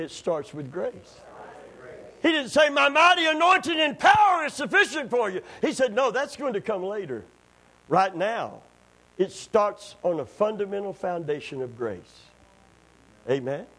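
A man preaching a sermon in a church, calling for amens and rising to shouted emphasis. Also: fairly high pitch, rough recording. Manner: call-and-response, climbs to shouted emphasis.

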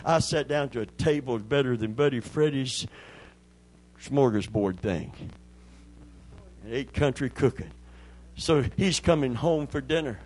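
A man's voice: mid-range voice, unhurried, pauses often, a little mellow, slightly rough, rough recording. A man preaching a sermon as pastor, telling folksy stories with call-and-response asides.

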